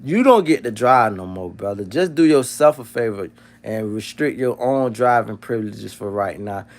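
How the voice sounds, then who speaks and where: A man's voice: fairly low pitch, expressive, moderate pace. A man hosting a livestream, talking in a loose, profane, joking rant. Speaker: livestream host.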